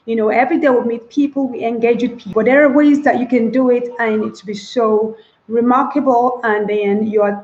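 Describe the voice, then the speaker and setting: A woman with a fairly high voice gives a spoken English lesson, acting out greeting phrases and repeating them with exaggerated tone. The recording sounds dull and lo-fi. Her voice rings in an echoey room. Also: darkish tone. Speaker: English teacher.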